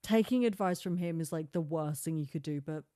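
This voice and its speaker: A young adult woman hosts a casual solo podcast chatting about reality TV, animated and chatty, with heavy use of "like," quick asides and laughs. Her deep voice is recorded at studio quality with no room sound.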